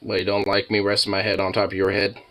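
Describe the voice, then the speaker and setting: A man talking to his pet in casual, teasing baby talk, with a high, sing-song cooing manner. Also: completely flat delivery, fast, pushed and bright. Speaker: pet owner vlogger.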